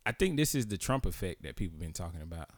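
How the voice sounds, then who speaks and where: A man's voice: sits low, sing-song, fast talker, no room sound, clean studio sound. A man co-hosting a podcast in casual chat, blunt and joking, speaking his mind on the news. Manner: blunt, joking, then earnest commentary. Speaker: podcast co-host.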